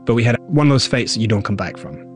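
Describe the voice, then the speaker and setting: A man, the guest in an interview, retelling his past with lively acted-out quotes. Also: mid-range voice, quick pace, soft background music. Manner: animated retelling, acts out quoted voices. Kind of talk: storytelling interview.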